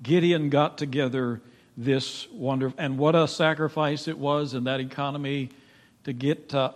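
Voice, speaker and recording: A man preaching a sermon in a church, emphatic, swinging from loud pleading to hushed, quiet tones. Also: medium pitch. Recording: long reverb of a large hall.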